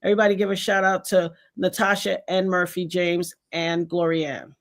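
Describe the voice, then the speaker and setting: A woman from New York with a New York accent, hosting a casual live stream, effusive and openly religious, giving shout-outs to guests. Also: fairly low pitch, level tone, normal speed. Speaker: livestream host.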